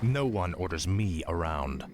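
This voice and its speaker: A man voicing an arrogant, cold death knight prince in a game, with a gravelly voice. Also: low voice, animated, unhurried, background noise. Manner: cold, commanding.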